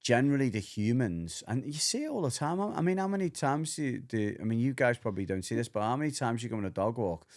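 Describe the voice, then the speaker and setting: A man co-hosting a casual podcast chat, explaining dog behaviour as an animated storyteller who acts out voices and swears freely. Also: mid-range voice, quick pace, hardly any pauses.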